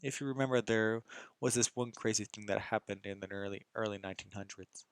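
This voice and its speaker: Low-voiced young man reading a story. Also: steady tone, a little fast, smooth, dry recording. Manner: casual, stumbling reading with restarts. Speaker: narrator. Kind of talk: amateur visual novel reading.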